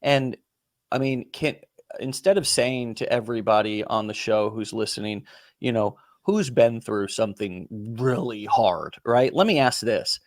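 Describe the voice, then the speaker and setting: A man's voice: mid-range voice, lively intonation, measured pace, no echo, studio quality. A man hosting a conversational interview, rambling with many fillers and restarts and casual swearing. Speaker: podcast host.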